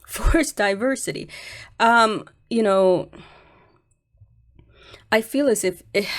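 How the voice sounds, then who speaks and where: A woman hosting her own video channel, speaking in a fairly low voice. She talks casually and frankly, circling her points with fillers, restarts and dismissive asides. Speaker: channel host. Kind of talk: casual opinion commentary.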